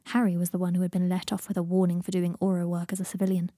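A woman reads the story aloud in an even, gentle way, her voice mellow, warm and a little husky. The recording is close and dry, with no room around it. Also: on the low side, fast, dry recording. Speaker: audiobook narrator. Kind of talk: fan fiction audiobook narration.

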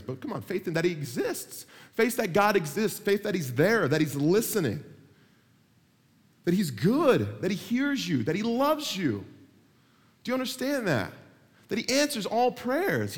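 Animated preacher in a reverberant hall. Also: male voice, fairly high pitch. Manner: animated, joking, acts out people he mentions. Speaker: pastor. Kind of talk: sermon.

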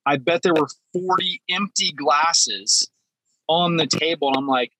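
A man's voice: on the high side, measured pace, sharp tone, dry recording, low-quality recording. Chatty man talking from his parked car. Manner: chatty, rambling, self-deprecating. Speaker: podcast guest. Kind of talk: casual chat. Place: parked car, driver's seat.

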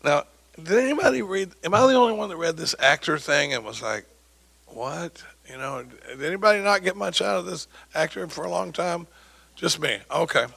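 A man's voice: a little high, lively intonation, brisk, vocal fry, bright, forceful tone, husky. An older man giving a folksy, joking talk at a recovery meeting, acting out the voices of people he quotes. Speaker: recovery speaker.

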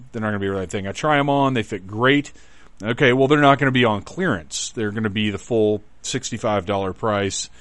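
A middle-aged man from the Southern United States tells a long, rambling story straight to his listeners. His voice sits low, and he pokes fun at himself in a casual, chatty way. The recording is dry and close, with no room sound. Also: a bit bright, no room sound. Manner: rambling, self-deprecating, chatty. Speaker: podcast host.

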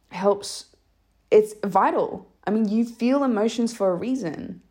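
A woman's voice: medium pitch, creaky, a little mellow. A woman talking candidly and emotionally to camera in a rambling personal monologue, swearing freely. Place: lives in Iceland.

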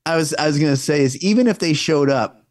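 An opinionated man co-hosting a casual live stream, his pitch leaping up as he gets worked up. The sound is dry and close, with no room echo. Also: fast, a little mellow. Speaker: podcast co-host.

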